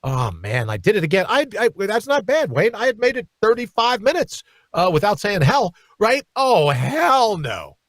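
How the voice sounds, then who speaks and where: A man hosting a radio talk show, ranting in a sarcastic, animated way from a studio microphone. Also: high voice, moderate pace, hardly any pauses, no room sound.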